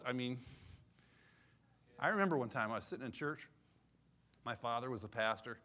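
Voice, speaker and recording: A man in his sixties preaching a sermon in an animated, conversational way, repeating his key phrases. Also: on the high side. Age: 60s. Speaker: pastor.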